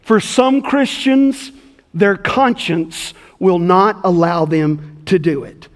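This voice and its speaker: A man voicing a kindly old-time male preacher who speaks in a loving, unhurried way. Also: high voice, lively intonation, big-room sound, pitched below the performer's own voice.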